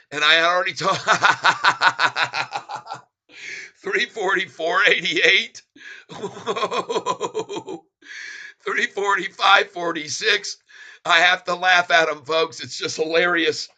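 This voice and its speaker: Gleeful man calling stock prices live, bright. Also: sits high, measured pace. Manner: gleeful, excitable, chuckling at the market. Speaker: stock-trading streamer. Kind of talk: live stock-trading commentary.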